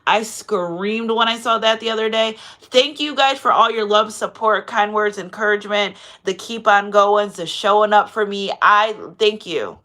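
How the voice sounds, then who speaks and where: Brief: woman tarot reader, chatty and digressive, bright and forceful tone, effusive with viewers. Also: medium pitch, normal speed, hardly any pauses. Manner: chatty and digressive, often asks "you know what I'm saying"; effusive and emotional when thanking viewers. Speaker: tarot card reader and channel host. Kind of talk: casual spiritual card reading to camera.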